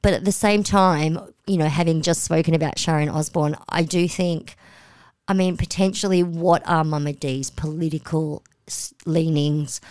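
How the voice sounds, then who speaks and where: A woman, co-hosting a casual chat show, talking fast and bluntly with plenty of swearing. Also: low-pitched, steady tone, darkish tone, clear, resonant tone, no room sound, studio quality. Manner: chatty, swears freely, blunt opinions. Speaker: podcast co-host.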